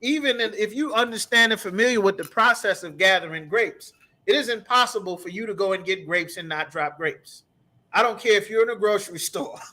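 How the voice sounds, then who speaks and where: A man's voice: high-pitched, a little fast, pushed and bright. A man teaching a scripture class, ranting in an emphatic, profane, repetitive way. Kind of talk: heated scripture breakdown.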